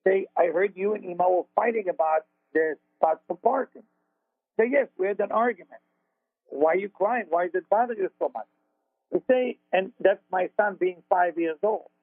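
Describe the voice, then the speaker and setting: A man's voice: sits high, no room sound. Earnest Israeli man on a tinny radio line. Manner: earnest, repeats words, loose grammar. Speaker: radio show host, spiritual teacher. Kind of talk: conversational storytelling on talk radio. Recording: dry phone-like radio audio.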